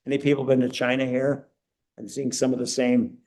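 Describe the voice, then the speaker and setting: Older male speaker, animated storyteller with a self-mocking streak, medium pitch. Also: fairly quick. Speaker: guest speaker. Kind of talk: storytelling talk to a church audience.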